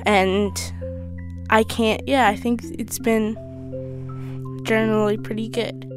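A sixteen-year-old girl answering interview questions candidly, thoughtful and a little halting, with restarts. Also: fairly high pitch, little pitch movement, over music. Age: teens. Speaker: interview guest.

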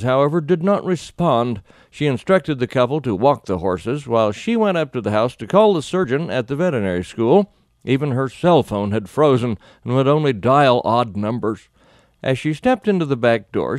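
A man spins a funny yarn in a wry, understated way, his pitch rising and falling with lively swings. The recording is close and dry, with no room sound. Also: no echo. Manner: dry, wry delivery with comic exaggeration. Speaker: storyteller. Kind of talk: humorous storytelling.

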